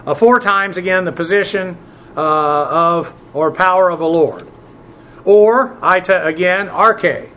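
A man teaching a Bible passage word by word from the Greek, spelling terms letter by letter and filling pauses with "uh". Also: high voice, bright, forceful tone, slight background noise. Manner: spells out Greek words letter by letter, many "uh" fillers; presses emphatic points with rising force.

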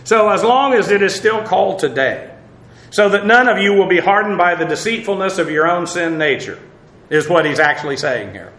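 A man's voice: high-pitched, animated, moderate pace, fairly bright tone, roomy sound, poor audio. A man teaching a sermon through Bible passages, blunt and conversational, with many fillers and restarts. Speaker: preacher.

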